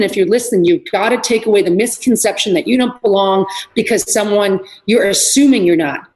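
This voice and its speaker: A middle-aged woman, a fitness trainer, telling lively stories in a casual podcast chat and acting out what people said. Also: a little high, poor audio. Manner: animated storyteller, acts out quotes.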